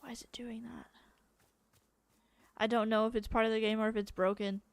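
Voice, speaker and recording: A woman's voice: on the high side, flat delivery, moderate pace, dry recording. A young woman streaming a video game, talking casually, swearing freely and laughing often. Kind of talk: casual gameplay commentary.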